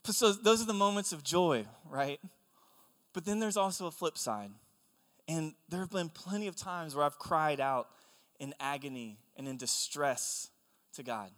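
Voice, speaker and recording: A young man preaching a sermon, telling stories in an animated, conversational way. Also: fairly high pitch, measured pace. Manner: animated storytelling, excitable and conversational. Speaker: pastor. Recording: long hall reverb.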